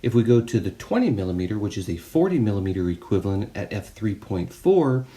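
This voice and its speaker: A man hosting a photography video, walking briskly through his shots and giving his opinions. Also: lowish voice, very animated, mellow. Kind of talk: casual review talk. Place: indoors at a tablet.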